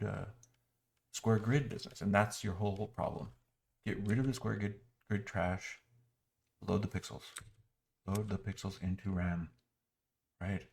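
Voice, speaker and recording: In this screen-recorded critique, a man clicks around an app while muttering sarcastic, exasperated commentary. His voice is lowish, creaky and somewhat dark.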